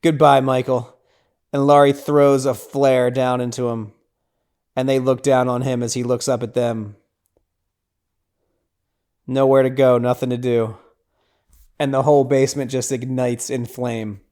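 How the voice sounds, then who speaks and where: Male podcast host, mid-range pitch, clear and resonant, casual chatty recap style. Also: level tone, a little slow, pauses often, darkish tone. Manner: chatty, lots of "like" and "right?". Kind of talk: casual scene-by-scene film recap.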